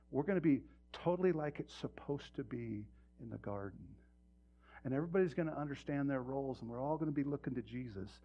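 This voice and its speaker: A male pastor delivering a sermon in a church, talking directly to the congregation with rhetorical questions. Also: mid-range voice. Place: church sanctuary. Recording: muffled lo-fi sermon recording.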